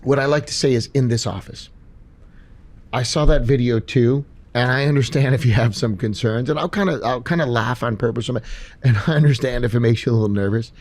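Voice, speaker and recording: A man co-hosting a live podcast Q&A at a seminar, talking in an animated, jokey way with some swearing. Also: medium pitch, fairly quick. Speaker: podcast co-host. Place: seminar stage.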